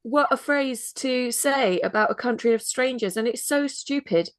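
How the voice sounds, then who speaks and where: High-voiced woman, dry close sound. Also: moderate pace, no echo. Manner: indignant, emphatic. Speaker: podcast co-host. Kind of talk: casual chat.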